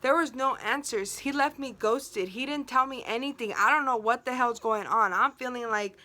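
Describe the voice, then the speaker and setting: A woman's voice: on the high side, moderate pace, bright, forceful tone. A young woman telling a personal story on her vlog, emotional and venting, filled with "like" and quoted dialogue.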